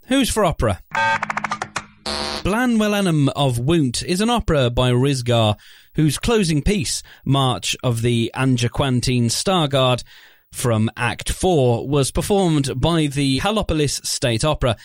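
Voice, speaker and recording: A man's voice: mid-range voice, expressive, a little slow, no room sound. A man hosting a podcast, reading a sponsor spot and chatting with dry, wry asides. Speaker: podcast host. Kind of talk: ad read and casual chat.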